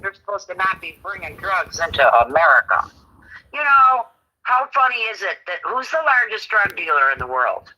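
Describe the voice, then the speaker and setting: A man on a call, chatting quickly and casually and often trailing off. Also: sits high, very animated, pushed and bright, low-quality recording. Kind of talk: casual chat.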